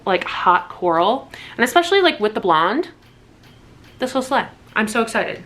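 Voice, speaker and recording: A woman in her twenties chatting excitedly in a casual birthday haul vlog at home, gushing and swearing casually. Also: medium pitch, moderate pace. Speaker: vlogger.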